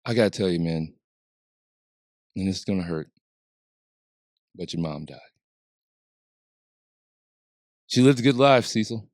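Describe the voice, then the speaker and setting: A man doing an impression of a well-known actor, talking in a soft, slow, consoling drawl. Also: low voice, little pitch movement, dry recording, studio quality. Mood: soothing. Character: soothing, slow-talking famous actor, male, calm. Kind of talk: celebrity impression.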